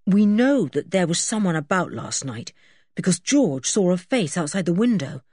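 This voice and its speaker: A woman's voice: lowish voice, moderate pace, slightly rough, no echo, studio quality. A woman voicing a sober, sensible older boy who takes charge, in a storybook reading. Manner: steady, matter-of-fact.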